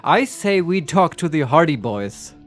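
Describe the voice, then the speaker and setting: A man's voice: fairly high pitch, very animated, measured pace, faint music behind. A man co-hosting a let's play, chatting casually with playful, jokey asides and frequent laughter. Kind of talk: casual gaming chat.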